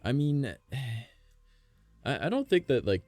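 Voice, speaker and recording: A man's voice: mid-range voice, big pitch swings, slow, darkish tone, dry recording, faint music behind. A man streaming live from home, chatting loosely with his chat, rambling through wild theories and swearing freely. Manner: rambling, swears a lot, speculative. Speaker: livestreamer.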